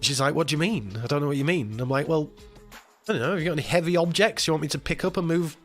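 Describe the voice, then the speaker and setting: A man's voice: on the high side, rapid-fire, faint music behind. Emotional man telling a story. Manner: emotional, rambling storytelling with quoted voices. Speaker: live stream host. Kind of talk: casual chat.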